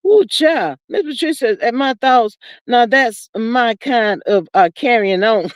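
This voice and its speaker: A woman's voice: on the high side, big pitch swings, slow pace, fairly bright tone, no room sound. A woman hosting a livestream, reading chat comments aloud and acting out scenes in a drawling, exclamatory, theatrical way. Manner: theatrical, acts out scenes in first person. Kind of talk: casual gossip commentary.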